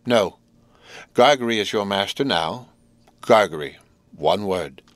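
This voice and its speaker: A man playing a stern, slow old lady. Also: on the low side, animated, fairly bright tone, dry recording. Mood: curt. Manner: slow, emphatic, commanding. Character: old wealthy eccentric woman, stern and cold. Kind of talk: audiobook reading.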